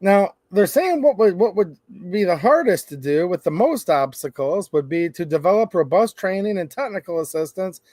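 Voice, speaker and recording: A middle-aged man hosts an opinionated commentary, animated, with sarcastic asides and acted-out quotes. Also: sits high, moderate pace, few pauses, no room sound. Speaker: gun-rights channel host.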